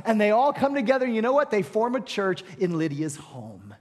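A high-pitched male pastor telling a sermon story with flair. He rises to ringing shouts, then drops to a hush. A long reverb trails his voice, as in a large hall. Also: huge pitch swings, normal speed. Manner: dramatic storytelling, swings from loud to hushed.

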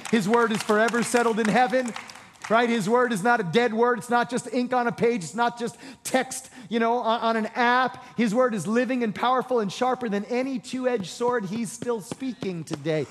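A high-voiced man preaches to a congregation, repeating phrases as he builds toward passionate exhortation. The recording has slight background noise and a long hall reverb.

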